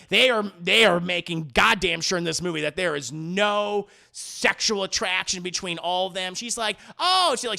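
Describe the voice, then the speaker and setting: A young man recapping a movie for a livestream chat, animated and profane, laughing loudly and slipping into quick character impressions. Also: sits high, vocal fry. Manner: laughs loudly at his own jokes. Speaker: movie reviewer.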